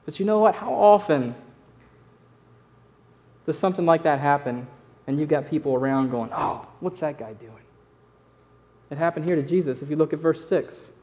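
Emphatic preacher with a higher voice. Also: male voice, fairly quick, long pauses, a little mellow. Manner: conversational and emphatic, repeating key phrases. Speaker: pastor. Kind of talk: sermon.

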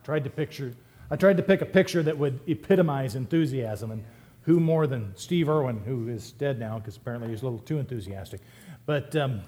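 Preaching briskly in a medium-pitched voice, this man delivers a sermon in a joking, conversational style. He swings his volume up and down with lively effect to land his points.

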